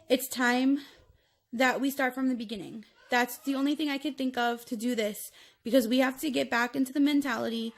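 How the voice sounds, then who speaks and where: A woman in her thirties speaks straight into her phone, with a voice sitting a touch high for a woman. Her delivery is earnest and emotional, rambling as she restarts her thoughts in an open, confessional vlog. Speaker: vlogger.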